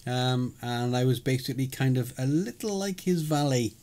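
A man's voice: medium pitch, lively intonation, normal speed, darkish tone. A man co-hosting a podcast, recapping a live role-play event in casual chat, rambling and chuckling with many fillers. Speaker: podcast co-host.

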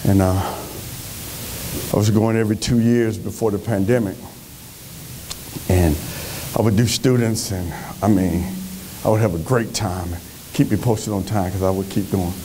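A man giving an energetic motivational speech on a conference stage, telling stories with animated delivery. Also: on the low side, moderate pace, pauses often, slight background noise. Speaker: motivational speaker.

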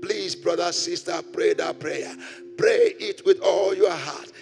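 A male pastor leading a congregation in prayer with a fervent sermon, swinging from loud pleading to hushed murmurs. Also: sits high, unhurried, gravelly, faint music behind.

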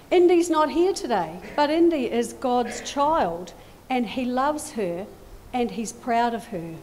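Lively high-voiced woman leading a kids' talk. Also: takes it slowly, slight background noise. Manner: animated, asks children questions. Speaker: children's talk leader at church. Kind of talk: children's talk in a church service. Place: church service.

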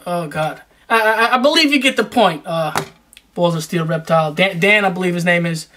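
A man's voice: high-pitched, moderate pace, sharp tone, a little hiss or hum. Rambling slangy New guy. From New York. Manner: rambling and slangy, full of fillers and restarts. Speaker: reptile-keeping YouTuber giving shout-outs. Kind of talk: casual vlog chat.

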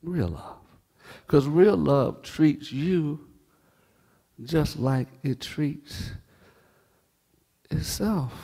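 A man pastor preaching a sermon, folksy and joking, moving from quiet words to shouting. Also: on the high side, drawn-out words, vocal fry, long pauses, husky, long reverb tail. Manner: animated preaching, swings from hushed to shouting.

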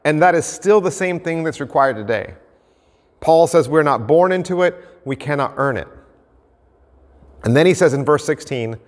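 Brief: male pastor, conversational sermon, slightly high voice, long hall reverb. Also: lively intonation, normal speed, pauses often. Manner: conversational, illustrates points with everyday stories and role-play.

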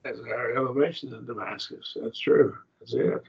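A man's voice: medium pitch, fairly even intonation, a little fast, vocal fry, darkish tone, dull audio, slight background noise. A man with an Oklahoma accent teaching a Bible class in a classroom, talking casually and quizzing his students.

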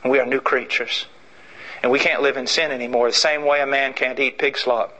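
A man's voice: medium pitch, steady tone, fairly quick, pushed and bright, rough recording. A man preaching a sermon in an emphatic, repetitive way, acting out illustrations.

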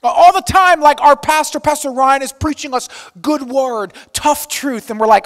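A man preaching a sermon with energy, swinging between loud exclamations and soft, quiet passages. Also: extremely high pitch, moderate pace, few pauses, long reverb tail. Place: church auditorium.

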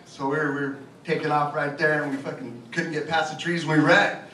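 A man's voice: on the high side, flat delivery, a little fast, sharp tone, roomy sound, recorded from a distance, slight background noise. A man doing a stand-up comedy set, telling crude jokes in a loose, rambling way with lots of fillers, laughing along at his own punchlines. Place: small comedy club stage. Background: crowd laughing and cheering.

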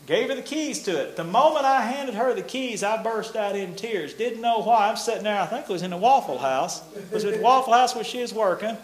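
A man's voice: high voice, expressive, fairly quick, few pauses. An older man, telling a folksy testimony in a sermon. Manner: folksy storytelling with laughs and nonstandard grammar. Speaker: preacher. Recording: echoey room.

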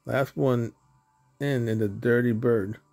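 A man's voice: mid-range voice, fairly even intonation, slow, vocal fry, a little mellow, faint music behind. A man voicing an argumentative boy bear cub in a storybook reading. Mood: arguing. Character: boy bear cub, arguing big brother.

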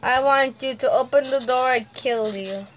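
A woman giving casual gameplay commentary, excitable, humming suspense sounds and talking to the characters on screen. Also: high-pitched, moderate pace, a little hiss or hum. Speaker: gamer host.

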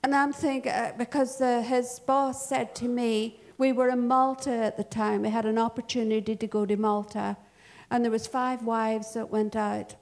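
A woman's voice: a little high, little pitch movement, moderate pace, a little mellow. An older woman telling a family story at a church service, chatty and often laughing. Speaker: church speaker. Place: church hall.

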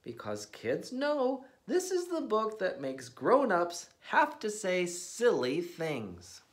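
A man's voice: sits high, huge pitch swings, slow pace. Playful man reading aloud to kids. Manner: playful, with mock-exasperated reactions. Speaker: host reading a children's book aloud. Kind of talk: animated read-aloud for kids.

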